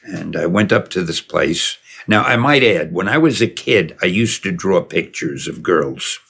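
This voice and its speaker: A low-pitched, gravelly, slightly bright voice with a breathy edge belongs to an older man recalling his past. Expressive and a little slow, he spins a long, digressive personal story in a casual way, chuckling throughout.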